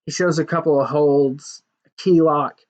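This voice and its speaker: A man casually recapping a wrestling show, animated, acting out quotes and laughing along. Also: fairly high pitch, moderate pace, muffled recording.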